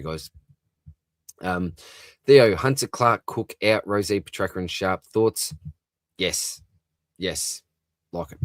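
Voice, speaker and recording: A man's voice: low voice, dry recording, studio quality. An Australian man hosting a live stream, chatting casually and upbeat as he reads out viewers' comments, laughing easily. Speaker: livestream host.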